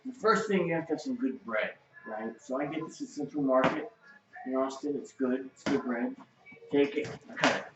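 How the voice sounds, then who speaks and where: A man's voice: mid-range voice, moderate pace, background noise. A man from outside New City, hosting a casual home cooking show and talking in a blunt, profane, chatty way. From outside New York City. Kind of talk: casual cooking demo with political rant. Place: home kitchen, indoors. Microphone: webcam. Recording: echoey, distant, muffled, faint music.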